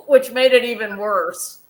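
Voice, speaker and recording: A woman guest speaking candidly in casual chat, telling her stories in an animated way. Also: a little high, low-quality recording. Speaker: guest wildlife photographer.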